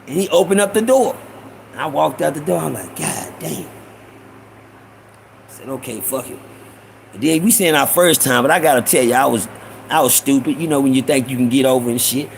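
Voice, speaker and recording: A man hosting a casual storytelling stream, slangy, with repeated asides and shout-outs to viewers. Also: mid-range voice, fast talker, creaky, a little hiss or hum, rough recording. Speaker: host.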